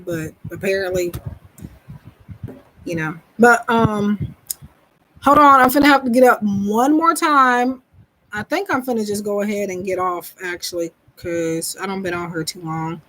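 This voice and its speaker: A woman's voice: medium pitch, normal speed, a bit bright, low-quality recording. A woman with a Southern US accent, a psychic reader hosting a live stream, talking casually and rambling with many restarts. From Southern United States. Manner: rambling, chatty, self-deprecating, with many restarts.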